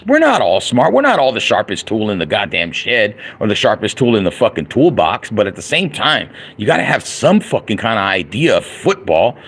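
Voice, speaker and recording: A man's voice: on the low side, big pitch swings, fairly quick, few pauses, fairly bright tone, husky. A middle-aged man in a casual late-night livestream, ranting with lots of profanity and repeating himself. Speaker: livestreaming vlogger.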